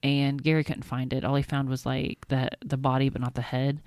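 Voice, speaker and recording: A woman's voice: a bass voice, flat delivery, fairly quick, a little mellow, no echo. A woman co-hosting a podcast in casual chat, a chatty, rambling storyteller who swears casually. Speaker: podcast co-host.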